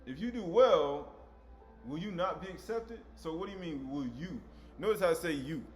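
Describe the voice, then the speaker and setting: A man's voice: a little high, animated, fairly quick. A man giving a casual, conversational sermon, often checking in with "right?" and acting out dialogue in slangy voices. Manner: conversational, tag questions like "right?". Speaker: preacher. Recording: echoey room with faint music.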